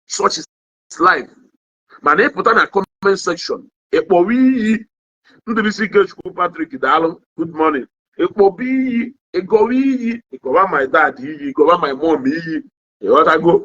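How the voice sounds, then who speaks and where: A young Nigerian man with an Igbo accent talks to his livestream viewers in an animated, sermon-like rant, his slightly high voice husky at the edges. He switches languages mid-sentence and keeps asking the audience whether they understand. The recording sounds dull and lo-fi. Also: normal speed. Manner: code-switching, repeats "you understand?"; animated, swings in pitch. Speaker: online commentator. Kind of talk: casual monologue to a livestream audience.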